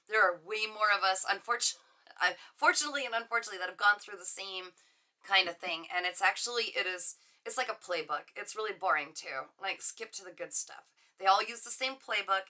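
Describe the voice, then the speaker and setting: Bright, chatty, effusive middle-aged woman. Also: mid-range voice. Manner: effusive, gushing and warm toward viewers; chatty and rambling with frequent laughs. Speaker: livestream host and psychic reader. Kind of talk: casual livestream chat reading viewer comments. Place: home office.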